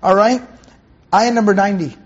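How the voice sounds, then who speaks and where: Husky high-voiced man teaching scripture. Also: normal speed, highs cut off. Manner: conversational, repeats phrases, rhetorical questions, recites Arabic verses. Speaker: Quran teacher. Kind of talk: Quran commentary lecture to students.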